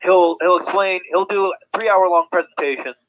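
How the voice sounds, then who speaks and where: Male, chatty livestream guest, slightly high voice, lo-fi muffled call sound. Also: normal speed. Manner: chatty, stammers on restarts. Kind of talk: casual chat.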